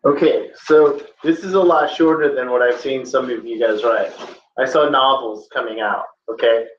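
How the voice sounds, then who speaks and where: Here a man at medium pitch lectures at normal speed, his intonation fairly even, while joking playfully with students. The classroom recording is dull and roomy with slight background noise.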